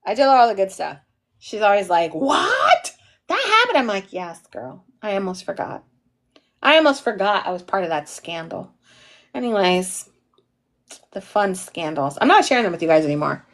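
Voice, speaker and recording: A woman's voice: mid-range voice, animated, moderate pace. A tired woman in her forties, an instructor chatting casually and goofily with livestream viewers, reading their names and laughing often. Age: 40s. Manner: goofy, giggly, talks to chat by name.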